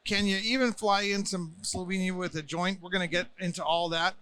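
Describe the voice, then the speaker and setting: This American podcast host has a high-sitting, smooth voice with bright, forceful tone and fairly even intonation. Working a busy conference venue, he chats playfully with guests in quick spurts of talk.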